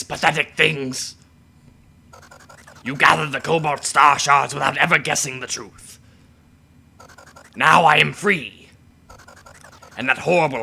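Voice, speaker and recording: A man putting on a gravelly gloating witch queen. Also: a little high, heavily acted. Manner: loud, gloating and drawn out. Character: vengeful alien princess, female, gloating.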